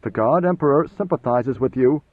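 A man's voice: mid-range voice, expressive, normal speed, dry recording, natural voice. A man doing a tense, fearful messenger. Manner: tightly controlled, urgent and hushed. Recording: tinny phone-like band, dry.

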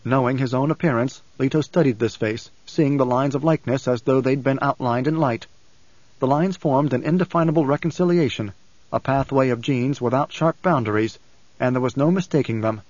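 A man narrating an audiobook in a measured, even reading. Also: mid-range voice, dry recording, muffled recording. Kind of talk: scripted narration.

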